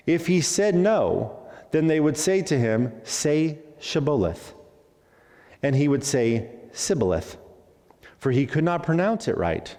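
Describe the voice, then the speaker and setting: Animated male pastor in an echoing hall. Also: fairly high pitch, measured pace. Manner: animated, acts out dialogue, jokey asides. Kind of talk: sermon. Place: church sanctuary.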